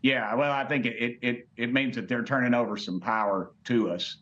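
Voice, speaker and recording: A man's voice: mid-range voice, steady tone, normal speed, a bit bright, dull audio. A man with a Southern US accent, a congressman speaking as a guest in a TV interview, folksy and blunt with many restarts. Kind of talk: remote TV interview.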